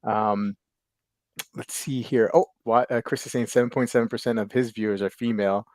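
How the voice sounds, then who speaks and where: A man's voice: mid-range voice, fairly even intonation, moderate pace, darkish tone, no echo, clean studio sound. An American man in his thirties hosting a casual livestream podcast, rambling with many fillers and restarts as he greets chat viewers. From United States. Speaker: podcast host.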